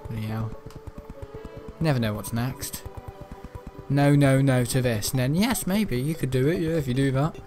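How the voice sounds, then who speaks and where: A man giving rambling, chatty gameplay commentary, laughing often and breaking into excitable outbursts. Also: medium pitch, normal speed, long pauses, faint music behind. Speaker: gaming channel host.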